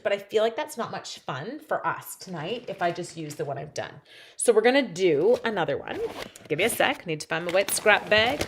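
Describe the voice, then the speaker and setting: A woman's voice: medium pitch, background noise. A woman demonstrating stamping on a livestream, chatting casually and giggling as she answers viewers while she works. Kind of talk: casual live-stream chat while crafting.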